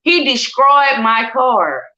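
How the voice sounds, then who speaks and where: A woman recounts a painful personal story in a bright, higher voice. She talks with feeling and slips into other voices whenever she quotes someone. The recording sounds dull and lo-fi. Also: takes it slowly. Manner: animated, acts out quotes in different voices. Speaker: guest sharing her story.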